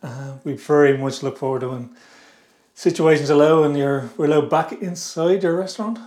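Easygoing host. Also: male voice, fairly high pitch, normal speed, a little mellow. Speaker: show host. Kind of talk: casual interview chat. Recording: echoey room.

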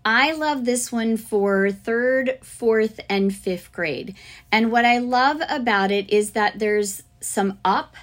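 A woman with a slightly high voice hosts a podcast for music teachers. She talks slowly and casually, sharing classroom ideas with enthusiasm. Her speech is loose and chatty, full of fillers and small restarts. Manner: chatty, enthusiastic, chants rhythms and sings snippets.

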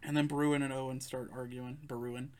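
A man co-hosting a casual chat, retelling a fan film with laughs and quick imitations of the characters. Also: medium pitch, little pitch movement, darkish tone. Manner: laughing, quoting characters in quick put-on voices. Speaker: podcast co-host.

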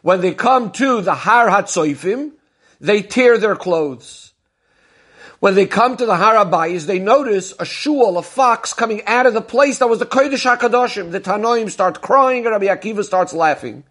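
A man with a high voice teaches a Talmudic discourse. He poses questions and answers them methodically, retelling each story step by step. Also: lively intonation, normal speed, fairly bright tone. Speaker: Torah teacher.

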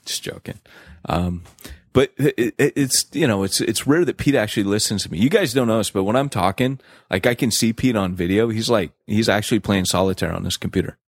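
A man co-hosting a podcast, talking in an animated, joking way with many restarts and fillers. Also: lowish voice, normal speed, breathy edge, no echo, clean studio sound. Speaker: podcast co-host. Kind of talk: casual podcast chat.

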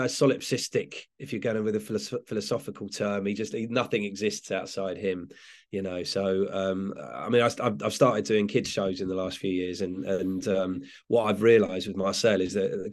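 English male comedian, low-pitched, loose chatty storyteller who laughs a lot. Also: a little mellow. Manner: rambling, self-correcting, laughs often. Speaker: comedian guest. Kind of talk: casual interview chat.

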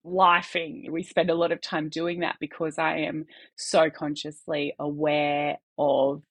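Aussie woman in her 30s, low voice, dry close sound, earnest and a bit rushed. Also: little pitch movement, fairly bright tone, slightly rough, no room sound. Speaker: guest. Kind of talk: candid podcast conversation.

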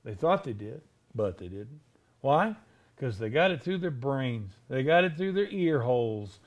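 A man preaching a sermon, emphatic, asking rhetorical questions and slowing down hard on key words. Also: mid-range voice, big pitch swings, lo-fi sound. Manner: emphatic, rhetorical questions, drawn-out slow stresses.

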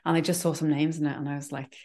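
A woman's voice: low voice, little pitch movement, rapid-fire, a little mellow. A woman, telling candid personal stories in a casual chat as co-host, with lots of fillers and restarts. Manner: candid, chatty storyteller with many fillers and restarts. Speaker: podcast co-host.

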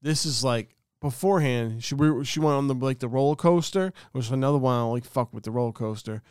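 A man's voice: medium pitch, fast talker, clean tone, no echo, studio quality. A young man, telling a rambling, swear-filled story on a casual podcast. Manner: rambling storyteller, heavy swearing, animated impressions. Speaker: podcast co-host. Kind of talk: casual chat.

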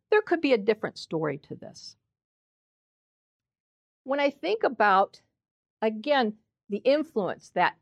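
An older woman voice coach giving an expressive presentation talk, demonstrating examples with her voice. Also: fairly high pitch, creaky, no room sound.

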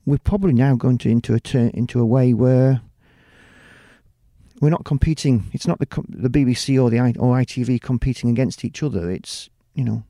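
A middle-aged British TV presenter and producer talks briskly in a warm, mid-range voice during a casual interview. His speech wanders, with repeated restarts and frequent "you know"s, and the studio-quality recording carries no echo.

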